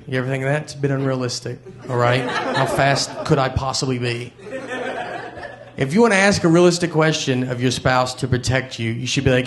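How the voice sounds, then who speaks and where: A man's voice: mid-range voice, a little fast. A man doing stand-up comedy with a wry, matter-of-fact delivery. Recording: comedy club with crowd laughter. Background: audience laughter.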